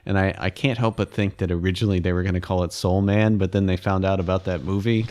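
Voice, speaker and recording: A man with a slightly low voice chats casually on a history podcast. He talks in a playful, easygoing way and laughs a lot as the talk goes on. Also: fairly even intonation, fast, a little mellow. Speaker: podcast co-host.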